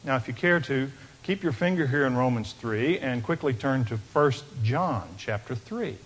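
A male pastor preaching a sermon, swinging from loud emphatic declarations down to hushed, quiet asides. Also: mid-range voice, animated, moderate pace, husky.

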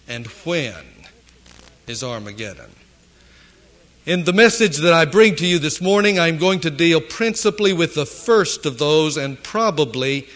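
A man preaching a sermon in a slow, deliberate, emphatic way, pausing for dramatic effect. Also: a little high, fairly bright tone.

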